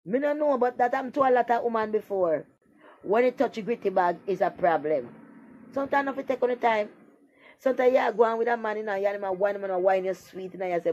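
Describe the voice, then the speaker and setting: A woman's voice: mid-range voice, fairly quick. A woman talking bluntly in a rambling, profane casual monologue.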